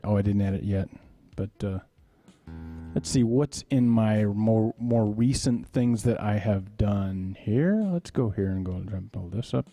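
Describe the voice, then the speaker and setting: A man's voice: fairly low pitch, mellow, no room sound. A man from Texas with a Texas accent, a musician hosting a live webcast who rambles and thinks aloud while he sets up. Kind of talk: casual live-stream chat. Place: home studio.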